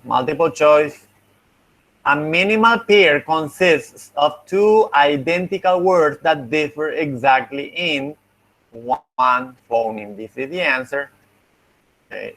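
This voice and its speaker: Male teacher, young, slightly high voice, slow, patient explainer; going over exam answers. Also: a bit bright. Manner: patient, explanatory, thinks aloud. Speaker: linguistics teacher. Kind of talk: online class feedback lecture.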